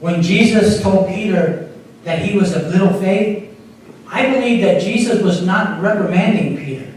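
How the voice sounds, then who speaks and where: In a church sanctuary, a man serving as associate pastor gives a conversational sermon dotted with small repeats and restarts. He speaks at normal speed in a high-pitched, slightly mellow voice, recorded distantly in an echoey room with faint background noise.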